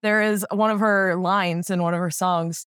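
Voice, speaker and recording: A woman's voice: lowish voice, steady tone, normal speed, a bit bright, clear, resonant tone, no room sound, studio quality. Giggly young woman recapping a show. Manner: giggly, retells scenes with put-on quotes. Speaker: podcast co-host. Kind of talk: casual chat recap.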